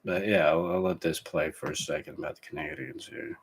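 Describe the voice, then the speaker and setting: A man's voice: very deep voice, fairly quick, husky. A man hosting a vlog, reacting to clips in rambling casual commentary full of fillers and restarts.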